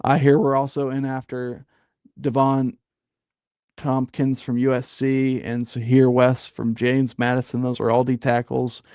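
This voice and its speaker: A man talks sports on a casual podcast, rambling through fillers and then heating up with emphatic asides. His voice sits at an ordinary middle pitch. The sound is dry and close, with no room echo. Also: completely flat delivery, measured pace, darkish tone, clear, resonant tone. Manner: rambling, frequent fillers, gets fired up. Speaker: podcast host.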